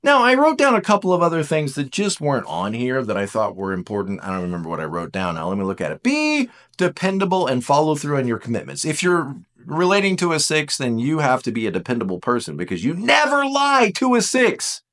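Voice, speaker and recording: A man teaching in a casual lecture style, animated and jokey, acting out little voices as he goes. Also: on the high side, a little fast, few pauses.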